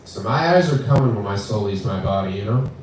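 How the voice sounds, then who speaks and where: A man's voice: on the low side, fairly quick, a little hiss or hum. A young man doing a crude, swearing stand-up set at an open mic in a small bar. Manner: crude, swearing, deadpan jokes with acted-out voices. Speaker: stand-up comic. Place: small bar with live audience. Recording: very echoey room from far off.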